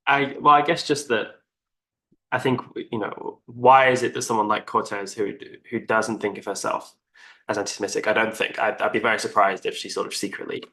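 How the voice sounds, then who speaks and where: A man's voice: fairly low pitch, steady tone, brisk, bright, forceful tone. A male co-host of a casual political discussion, explaining his argument at length. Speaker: podcast co-host.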